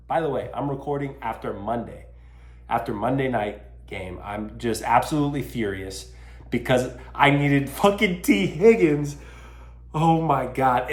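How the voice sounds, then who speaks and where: A man's voice: medium pitch, reverberant. A man hosting a solo podcast, talking casually in an exasperated, self-mocking rant full of swearing. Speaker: podcast host.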